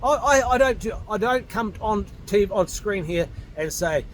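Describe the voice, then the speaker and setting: A high-pitched Australian man in his forties talks straight to camera in a blunt, combative rant. He speaks off the cuff and swears freely. A faint hum of background noise sits under his voice. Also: expressive, moderate pace. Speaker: vlogger. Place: at home in Thailand.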